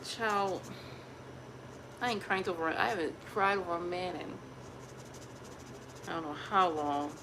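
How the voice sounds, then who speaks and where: A woman's voice: lowish voice, moderate pace, pauses often, background noise. A young woman vlogging at home, talking casually and animatedly to her viewers and laughing now and then. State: pregnant. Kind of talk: casual chat to camera.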